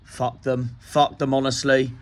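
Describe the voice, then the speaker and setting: A man's voice: medium pitch, flat delivery, unhurried. A man with a Cornish accent, a football fan vlogger, giving a furious, sweary post-match rant. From Cornwall. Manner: furious, sweary, repetitive ranting.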